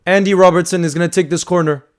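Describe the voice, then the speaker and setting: Excitable male fan calling a match. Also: high voice, quick pace, a little hiss or hum. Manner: emotional, swings from frustrated to screaming excitement; calls play by play, repeats phrases. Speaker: fan watchalong host. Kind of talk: live fan commentary.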